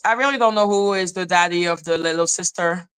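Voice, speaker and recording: Bright, animated woman ranting. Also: fairly low pitch, fairly quick, smooth, rough recording. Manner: animated, profane, laughing often. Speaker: podcast host. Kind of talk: live ranting commentary.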